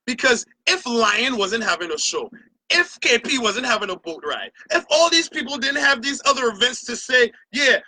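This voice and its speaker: A man's voice: very high-pitched, very animated, moderate pace, sharp tone. A middle-aged Barbadian man hosting his own opinion show, ranting passionately and profanely about a carnival. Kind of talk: opinion rant to camera.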